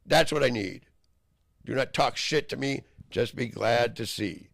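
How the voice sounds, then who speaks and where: Gravelly man in an angry rant. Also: mid-range voice, measured pace. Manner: heated, profane, rambling, with loud outbursts. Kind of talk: angry ranting monologue.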